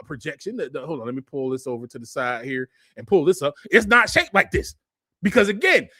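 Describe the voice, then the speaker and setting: Heated high-voiced man ranting. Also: fairly bright tone, no room sound, studio quality. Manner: heated, blunt, repeats himself and goes off on tangents. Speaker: online commentator. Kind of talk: ranting monologue walking through a map.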